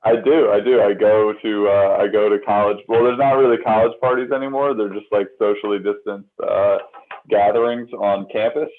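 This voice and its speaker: A man, a comedian guest, joking through deadpan absurd stories while calling in by phone to a casual chat. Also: fairly low pitch, moderate pace. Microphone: phone on a video call. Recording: tinny phone-line audio.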